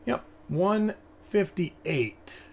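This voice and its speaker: Slightly high-voiced male stream host. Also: expressive, extremely slow, darkish tone. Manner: thinking aloud, rambling while examining coins. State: hiccups. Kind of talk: casual live-stream commentary.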